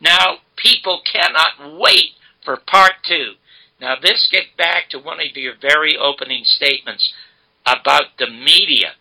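An older man, a guest in an interview, retelling a story emphatically and dramatically in a gravelly, husky voice. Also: a little high, a little slow, sharp tone, poor audio. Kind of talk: animated storytelling.

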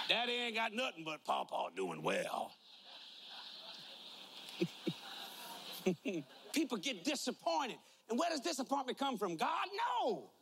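A man's voice: very high-pitched, fairly bright tone, slight background noise. A man preaching a humorous sermon, mixing folksy jokes and stories with emphatic points about faith. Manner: joking, folksy storytelling, emphatic.

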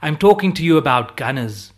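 A man reading an audiobook voices a soldier from another company who lectures in a slow, drawling, preachy way. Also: on the high side, animated. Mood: lecturing. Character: male soldier strolling by, lecturing and knowing.

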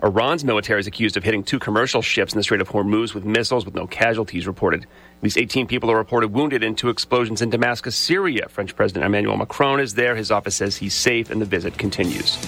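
Fast-talking low-voiced male news anchor. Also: fairly bright tone. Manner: brisk, clipped news delivery. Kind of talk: radio newscast.

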